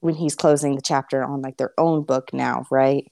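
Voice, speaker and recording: A woman with a very low, mellow voice chats about a favorite movie on a podcast. She is chatty and easygoing, and the sound is dry and close. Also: steady tone, normal speed, vocal fry, no room sound. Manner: chatty, uses many fillers. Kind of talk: casual movie discussion.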